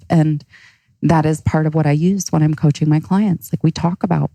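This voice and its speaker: Low gravelly woman coach. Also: steady tone, moderate pace, dark tone, no room sound, poor audio. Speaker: ice bath coach. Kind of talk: earnest interview answer.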